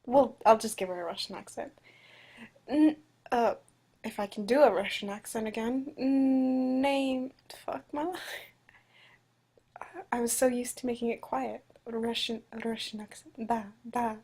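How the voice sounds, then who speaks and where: A woman's voice: a little high, unhurried, pauses often, a little mellow, husky. A woman giving casual let's play commentary with chatty, joking asides.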